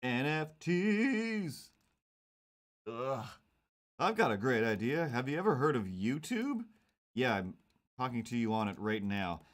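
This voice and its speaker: A man's voice: medium pitch, sing-song, moderate pace. A man chatting casually while drawing comics on a stream, rambling with jokey mock outrage and slipping into silly voices.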